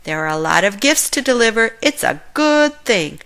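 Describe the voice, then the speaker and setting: A laid-back young water-rescue puppy, as a woman reads him in a children's storybook. He speaks in an easygoing, cheerful way, and the voice is bright. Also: fairly high pitch, sing-song, normal speed. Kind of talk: children's storybook read-aloud.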